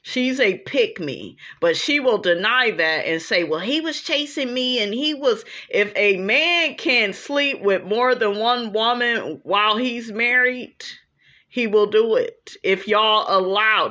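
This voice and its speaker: Speaking slowly and forcefully, this woman offers casual reality TV commentary on her channel, swearing bluntly and tossing in "okay?" to press her points. Her mid-range voice is bright and expressive, and the audio is dull and lo-fi.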